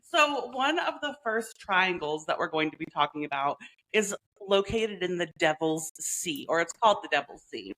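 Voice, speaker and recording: A low-voiced woman co-hosting a podcast chats loosely and playfully at a moderate pace, laughing often and peppering her talk with "like." It feels like relaxed conversation between friends, though the audio quality is poor.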